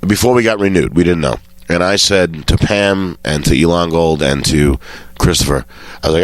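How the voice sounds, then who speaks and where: A man with a deep, low voice recounts showbiz anecdotes as a guest on a talk show. He swears casually and slips into the voices of the people he quotes. The sound is dry and close, with no room around it. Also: moderate pace, no echo. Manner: swearing storyteller who acts out quotes. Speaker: comedian guest.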